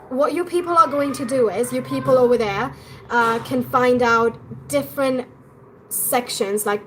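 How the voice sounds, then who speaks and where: Young indian english accent teacher, high voice, chatty and eager, repeats herself a lot. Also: female voice, a little hiss or hum. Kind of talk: live-stream promotion.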